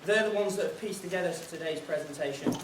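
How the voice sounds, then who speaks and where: A man's voice: a little high, quick pace. A man hosting a seminar, telling an anecdotal joke and giving housekeeping notes in a chatty storytelling way. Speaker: seminar organiser and host. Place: conference room on an air base. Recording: roomy hall from far off, noisy.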